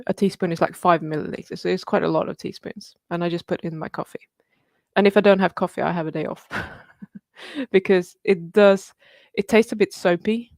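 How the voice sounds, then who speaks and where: A woman's voice: fairly low pitch, gravelly, dry recording, clean studio sound. A woman in her thirties hosting a casual live Q&A, chatty and upbeat, laughing often and swearing casually. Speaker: livestream host answering viewer questions.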